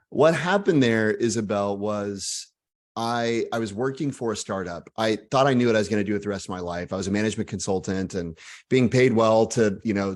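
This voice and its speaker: A man from Texas, in his forties, speaking as a guest author in a casual interview, animated and full of asides and jokes. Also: lowish voice. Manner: energetic, animated storyteller with frequent asides and self-deprecating humor.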